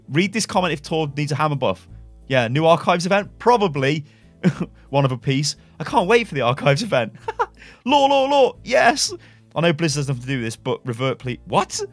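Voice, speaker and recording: At a desk with a webcam, a young gaming YouTuber with a medium-pitched voice reads game lore out loud and speculates casually. He rambles along, chuckling and correcting himself.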